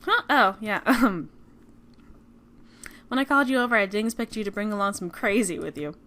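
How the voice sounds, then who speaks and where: A woman's voice: medium pitch, moderate pace, pushed and bright, natural voice. A woman reading the lines of a laid-back male cowboy gunslinger in a game, casual and joking. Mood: teasing.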